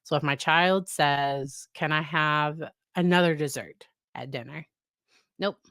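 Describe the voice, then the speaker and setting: A woman's voice: low voice, unhurried, a bit bright, clear, resonant tone, no room sound, studio quality. A woman psychologist talking casually about parenting, often laughing and acting out exchanges with her child. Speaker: psychologist host. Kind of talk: casual educational talk.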